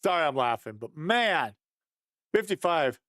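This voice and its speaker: A man's voice: a little high, big pitch swings, unhurried, fairly bright tone, dry recording. A man giving a casual, conversational breakdown of football game film, thinking aloud and chuckling at mistakes.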